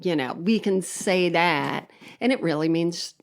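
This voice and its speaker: A woman co-hosting a podcast in casual chat, joking in a wry, deadpan way. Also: lowish voice, a little slow. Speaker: podcast co-host.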